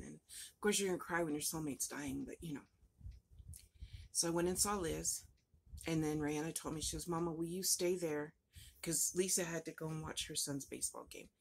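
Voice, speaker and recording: A woman's voice: deep voice, creaky, slight background noise. A woman telling a personal story in a rambling, emotional way, her voice breaking at times. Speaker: vlogger.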